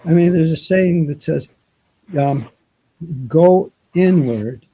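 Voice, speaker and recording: A man's voice: fairly high pitch, takes it slowly, dark tone, husky, low-quality recording. A man hosting a live talk show, talking in a reflective, rambling way about responsibility and going inward. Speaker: host. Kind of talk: casual chat.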